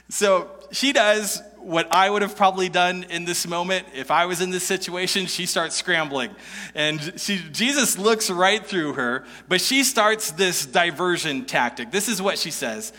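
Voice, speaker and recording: A man's voice: high voice, lively intonation, moderate pace, sharp tone. A man preaching a sermon in a conversational way, reading scripture aloud and laughing often. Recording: long hall reverb.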